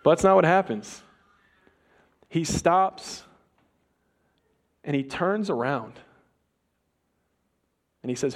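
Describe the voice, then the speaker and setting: A man preaching a sermon, retelling a story with dramatic pauses and humor. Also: sits high, sing-song.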